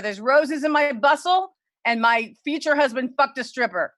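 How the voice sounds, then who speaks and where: A middle-aged woman from Louisiana telling a true personal story at a story slam over a video call, candid and swearing freely, her voice leaping high when she quotes herself. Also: moderate pace, a bit bright, no echo. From Lafayette, Louisiana. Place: home, virtual event.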